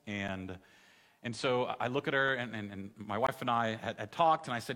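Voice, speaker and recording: A man in his forties preaching a sermon in a conversational way, calling out to the congregation and dropping soft in emotional moments. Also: medium pitch, normal speed. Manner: conversational, calls on the audience, drops to soft tones in the emotional story. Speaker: pastor. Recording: long reverb in a large hall.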